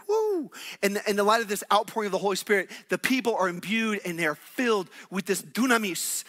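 A man preaching a sermon to a congregation in a lively, conversational way, calling on the listeners to repeat words and breaking into exclamations and laughter. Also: high voice. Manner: energetic, conversational, call-and-response with the congregation. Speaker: pastor.

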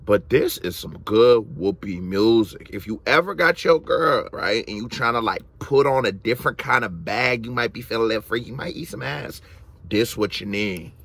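A man's voice: mid-range voice, lively intonation, moderate pace, gravelly, a bit bright, slightly rough. A man casually reacting to rap videos, talking in a loose, slangy, rambling way with many restarts.

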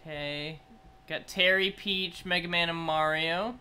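A young man live-streaming his reaction, chatting casually to viewers and swinging from low mumbling to loud excited yelling. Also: unhurried, clean tone.

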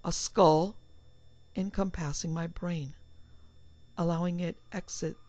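A woman's voice: fairly low pitch, steady tone, slow, warm tone, no echo. A woman voicing an anxious middle-aged man in a panic, with a strained, agitated delivery. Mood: horrified. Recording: slightly dull, dry recording.

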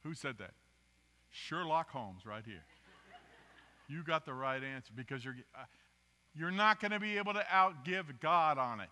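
A man with a fairly high, very bright voice preaches to a congregation, chatting with them and asking them to raise their hands. He drops to quiet asides and then rises to loud, emphatic bursts. His voice carries through the long reverb of a church hall. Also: normal speed, pauses often. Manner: animated, interactive with the congregation, asks for raised hands. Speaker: guest preacher. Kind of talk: sermon. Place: church sanctuary.

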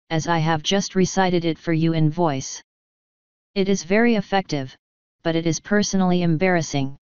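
A woman voicing a courteous, ancient old man who speaks in a measured, gently formal way. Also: sits high, clear, resonant tone, dry recording, lightly acted. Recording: dull lo-fi, dry.

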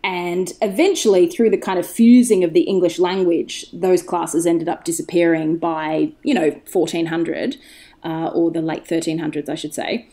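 A woman's voice: lowish voice, fairly even intonation, normal speed, warm tone. A woman talking as a podcast guest, chatty and enthusiastic, wandering off on tangents as she tells the story. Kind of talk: casual chat.

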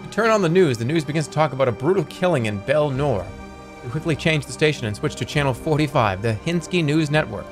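A man's voice: on the high side, expressive, quick pace, over music. Wry streamer man reading game text. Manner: wry, joking, swears freely.

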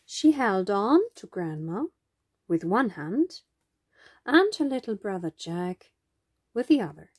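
A woman reading a children's picture book aloud in a gentle, expressive storytelling manner. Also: mid-range voice, slow pace, pauses often, slightly rough, dry recording, studio quality. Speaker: storybook reader.

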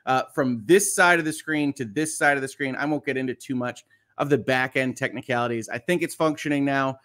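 A man's voice: medium pitch, brisk, fairly bright tone. A man hosting a morning livestream on legal news, chatty and upbeat as he greets viewers and reads their comments aloud. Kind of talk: casual livestream chat.

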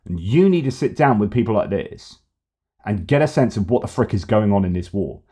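A middle-aged man hosting news commentary, talking in an animated, argumentative way. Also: on the low side, brisk, husky.

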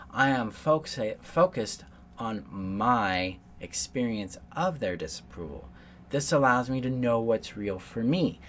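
Man, low-pitched, earnest life coach, talks a lesson step by step, faint hiss behind. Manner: earnest, explains step by step with repeated phrases. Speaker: codependency coach. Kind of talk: solo teaching monologue. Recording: faint background noise.

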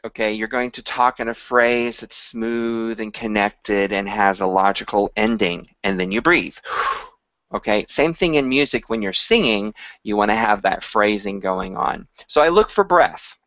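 Slow-talking male voice teacher. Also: on the low side, animated, fairly bright tone, dry recording, highs cut off. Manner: explains slowly, sings short examples to demonstrate. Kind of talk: instructional talk to camera.

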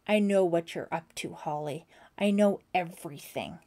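A woman's voice: fairly low pitch, unhurried, mellow, close to an everyday voice. A woman voicing a jealous teenage girl who hisses her threats in fury. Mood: furious. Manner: hissing, threatening.

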